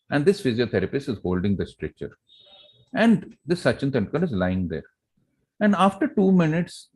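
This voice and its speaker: A middle-aged man with an Indian English accent, a professor telling a story to students in an animated lecture. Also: lowish voice. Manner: animated storyteller, asks the room for agreement. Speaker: professor giving a leadership talk.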